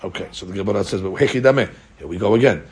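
A man's voice: fairly low pitch, very fast, breathy edge. A man teaching a daily Talmud class, reading out Aramaic text and explaining it in casual English with rhetorical questions and many fillers.

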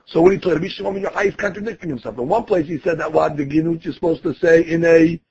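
A man's voice: on the high side, rapid-fire, creaky, a little mellow, dull audio. A man teaching a daily Talmud class in a conversational way, explaining the text phrase by phrase and restarting sentences as he goes.

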